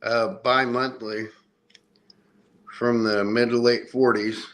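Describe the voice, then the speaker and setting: A man's voice: medium pitch, little pitch movement, slow, fairly bright tone. A middle-aged man hosts a loose podcast chat. He rambles along with easy enthusiasm, his voice sitting in an ordinary middle range. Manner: rambling, enthusiastic show-and-tell. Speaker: podcast host. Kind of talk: casual chat showing comics.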